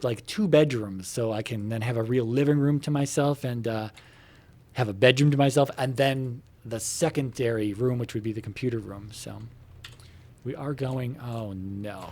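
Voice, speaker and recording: In a mid-range, slightly mellow voice at normal speed, a man chats loosely with viewers as he plays a game from his home computer room. His talk wanders, packed with fillers, casual swearing and comments about the game.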